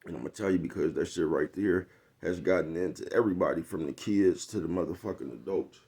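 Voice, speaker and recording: A man with a deep, low voice rambles through a casual monologue to his viewers. He swears freely and keeps asking whether they know what he is talking about. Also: fast talker, a little mellow. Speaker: vlogger.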